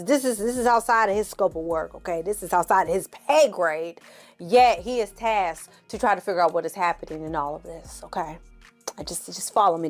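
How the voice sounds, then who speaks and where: A woman ranting through a bad movie review in a casual, sarcastic, profane style. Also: mid-range voice. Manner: sarcastic, profane, animated storytelling.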